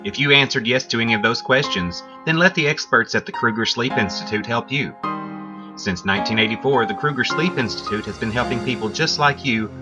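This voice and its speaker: A man announcing a radio ad parody in a slow, smooth pitchman delivery. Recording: lo-fi radio with music bed.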